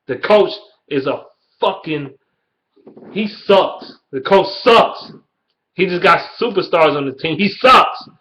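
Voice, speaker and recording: A man's voice: high-pitched, lively intonation, takes it slowly, sharp tone. A young man in his early twenties with a Detroit accent, ranting bluntly and swearing constantly in a casual video. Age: early 20s. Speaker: YouTuber. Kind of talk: profane casual rant. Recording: dull lo-fi webcam audio.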